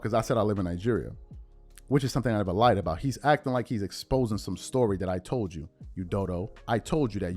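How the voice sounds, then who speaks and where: A man's voice: fairly low pitch, darkish tone. Bronx male host, heated rant, repeats himself for punch, faint music under. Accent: New York (Bronx). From United States. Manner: emphatic, repetitive, rising to indignant outbursts. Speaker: show host. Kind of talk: heated commentary monologue.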